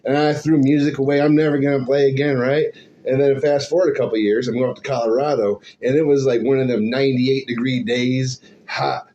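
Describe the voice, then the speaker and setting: Middle-aged guy telling stories in an interview, animated, laughs a lot, kinda muffled recording. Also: medium pitch, brisk. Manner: animated, laughs often, acts out quoted voices. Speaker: musician guest. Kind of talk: storytelling in a casual interview. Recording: slightly dull, faint hum.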